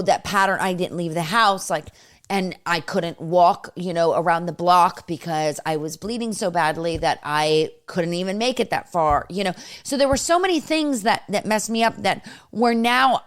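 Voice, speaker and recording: A woman's voice: mid-range voice, clean tone. A woman podcast host in her thirties, talking casually and rambling with many fillers. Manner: rambling, lots of fillers like "you know". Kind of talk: casual conversational interview.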